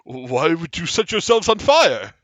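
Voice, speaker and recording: A man's voice: fairly high pitch, very animated, a little slow, a bit bright, no echo, pitched above the performer's own voice. A man voicing an ancient male elf sage who speaks in a polite, rambling, old-fashioned way. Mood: chuckling.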